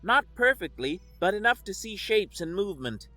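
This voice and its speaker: A defiant young human woman, as a male narrator puts her on, pressing and urgent. The voice sits high and swings freely, with a bright edge, in a sci-fi audiobook reading. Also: very animated, moderate pace, no echo, faint music behind, exaggerated voice.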